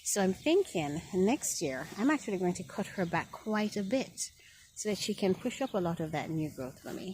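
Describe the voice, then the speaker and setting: A woman filming a casual walkthrough of her rose garden, talking straight to her viewers and gushing with excitement over each plant. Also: medium pitch, moderate pace, a little hiss or hum. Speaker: garden vlogger. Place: outdoor garden.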